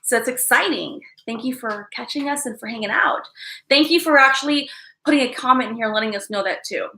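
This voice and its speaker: A woman's voice: on the high side, brisk, sharp tone, echoey room. A woman hosting a casual live stream from an upstairs room at home, chatty and apologetic, often calling her viewers "guys".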